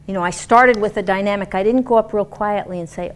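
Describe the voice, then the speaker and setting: A woman lecturing a class on dance and movement therapy in an animated, demonstrative way, acting out example voices. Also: mid-range voice, quick pace.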